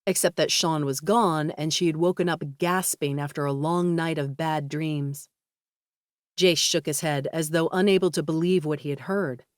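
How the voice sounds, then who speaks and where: A woman narrating an audiobook in an even, measured reading. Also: deep voice, dry recording, clean studio sound. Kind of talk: scripted narration.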